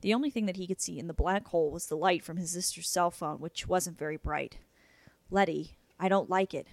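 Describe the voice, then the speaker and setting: A young woman hosting a podcast, reading a book chapter aloud in a casual, steady way. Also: lowish voice, fast talker, gravelly, dry recording. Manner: casual, chatty intro then steady reading.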